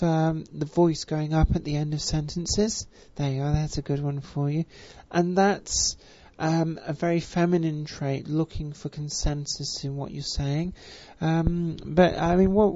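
A voice coach, speaking with deliberately stretched vowels and a careful, refined pronunciation, with frequent fillers. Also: female voice, low voice, fairly even intonation, warm tone. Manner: measured, elongated vowels, many fillers. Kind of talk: spoken voice lesson. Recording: dull, dry recording.

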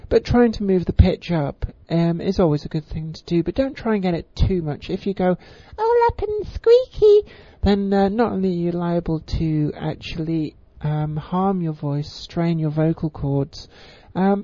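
A woman giving an informal voice tutorial, with crisp, careful enunciation and frequent ums. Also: fairly low pitch, warm tone, no echo. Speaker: voice coach. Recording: slightly muffled lo-fi recording.

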